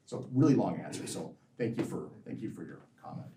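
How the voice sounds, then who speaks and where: A physician answering audience questions after a lecture, talking in long, rambling stretches that stop, restart and repeat words. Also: male voice, low voice, animated, brisk, background noise. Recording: echoey hall from far off.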